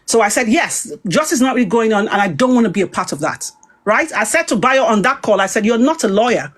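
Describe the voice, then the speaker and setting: A British woman recounting a dispute in an animated, casual account, quoting herself and others with frequent restarts. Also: fairly high pitch, fast, low-quality recording. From Britain.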